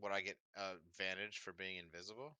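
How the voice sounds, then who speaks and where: A man's voice: sits low, steady tone, fast talker, sharp tone, clean tone, no echo, low-quality recording. A man playing a tabletop game, joking and hesitant in casual chat. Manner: hesitant, joking, restarts often. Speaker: player.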